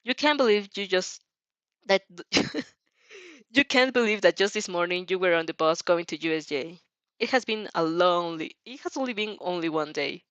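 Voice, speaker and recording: A woman's voice: on the low side, animated, moderate pace, a bit bright, dry recording, lo-fi sound. A woman reading a fanfic aloud as narrator, with small slips and self-corrections.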